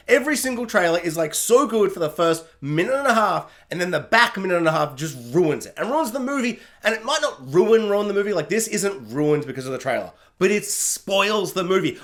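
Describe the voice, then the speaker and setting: A man with a notably high voice rants through a solo film review, animated and exasperated. He mocks himself as he goes and keeps breaking into laughter at his own fuss. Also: brisk, hardly any pauses. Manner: animated, exasperated, self-mocking; laughs at himself mid-rant. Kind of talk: ranting solo video review.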